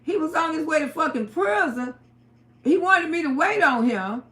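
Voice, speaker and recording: A woman with a high voice tells her own story to live-stream viewers in a profane, animated way. She laughs and tears up as she goes. The room around her has a noticeable echo. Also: normal speed. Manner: profane, animated, laughs and cries while telling. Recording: roomy echo.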